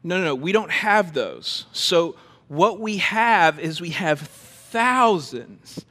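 A man's voice: high-pitched, expressive, slow pace, sharp tone, big-room sound. Emphatic male pastor preaching. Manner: emphatic, asks the congregation questions. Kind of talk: sermon. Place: church before a congregation.

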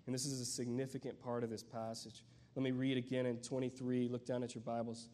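A man giving a sermon as a guest preacher, conversational and searching, with many fillers and restarts, and reading scripture slowly. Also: mid-range voice, little pitch movement, mellow.

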